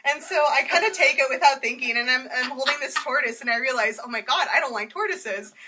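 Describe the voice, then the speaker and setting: A woman with a bright, higher voice tells a rambling comic story. She laughs often and acts out the lines of the people in it. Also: fast talker, breathy edge. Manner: animated, laughing, acts out quotes. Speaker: storyteller guest. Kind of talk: casual comedic storytelling.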